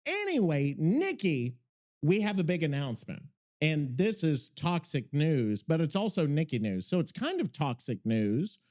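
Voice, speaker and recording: This male podcast host has a slightly high, somewhat mellow voice whose pitch swoops wildly, and he takes his time. Profane and scattered, he wanders through his talk, cutting himself off mid-thought while busy working on something.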